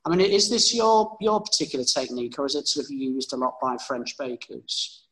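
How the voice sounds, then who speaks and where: A man's voice: mid-range voice, moderate pace, fairly bright tone, low-quality recording. Rambling male podcast host. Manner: rambling, filler-heavy questions. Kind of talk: casual interview chat.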